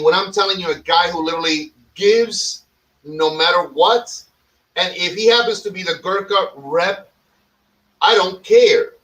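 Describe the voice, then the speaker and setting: A man hosting a podcast in casual, profane chat, animated and mock-dramatic, swearing freely. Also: sits high, recorded from a distance, rough recording. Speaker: podcast host.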